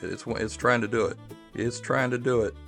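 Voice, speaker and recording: A man with an Appalachian accent hosts an unscripted gear demonstration with an easygoing, good-natured drawl. His voice sits in a middling range, and soft music plays faintly behind him. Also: mid-range voice, moderate pace, vocal fry. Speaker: host, woodsman.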